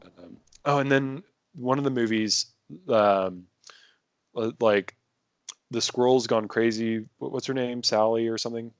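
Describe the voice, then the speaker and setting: A man's voice: medium pitch, fairly even intonation, unhurried, dry recording. A man talking casually as a podcast guest, rambling with many restarts and fillers. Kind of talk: casual conversation.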